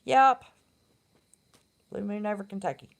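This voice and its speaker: A woman's voice: mid-range voice, a little slow, gravelly. A middle-aged woman, chatting casually and bluntly on her live stream and laughing often. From West Virginia.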